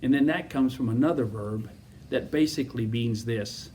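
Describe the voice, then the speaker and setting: A man's voice: medium pitch, moderate pace, a little mellow, recorded from a distance, slight background noise. A man preaching a sermon as pastor, emphatic and repetitive, full of rhetorical questions.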